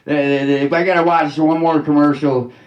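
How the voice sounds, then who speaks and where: Halting deadpan male stand-up comic. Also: a little high, roomy sound, dull audio. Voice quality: halting delivery with many restarts and "uh"s. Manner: deadpan one-liners, laughing at his own jokes. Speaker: stand-up comedian. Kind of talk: stand-up comedy set. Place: comedy club stage.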